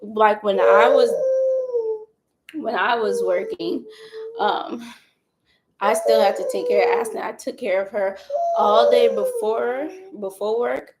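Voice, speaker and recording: A woman's voice: on the high side, expressive, slow, long pauses, noisy background. A woman vlogger and mother talking casually to camera, candid and rambling as she vents, a little out of breath.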